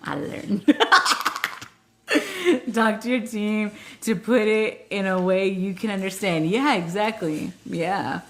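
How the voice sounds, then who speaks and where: A woman's voice: medium pitch, steady tone, measured pace, few pauses, a little hiss or hum. A woman spiritual healer hosting a casual live session, talking bluntly with frequent swearing and laughter. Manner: blunt, profane, laughs often, reads chat comments aloud. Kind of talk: casual live-stream chat.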